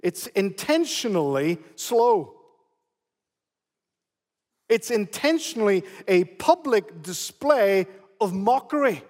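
Pastor guy preaching, high voice, keeps repeating himself for emphasis, lots of hall echo. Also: sing-song, takes it slowly, pauses often, a little mellow. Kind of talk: sermon. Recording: long hall reverb.

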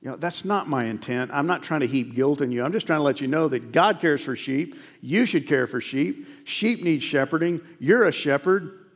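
A man's voice: on the high side, lively intonation, moderate pace, long reverb tail. A middle-aged man preaching a sermon in a church, earnest and conversational, full of rhetorical questions. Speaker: pastor. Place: church sanctuary.

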